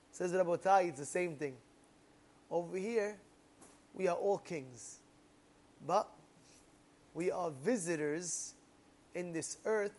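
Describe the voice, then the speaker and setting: A man casually telling a parable as a moral lesson, animated and rambling, with repeated fillers. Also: high-pitched, slow pace, pauses often. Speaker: storyteller giving a moral lesson.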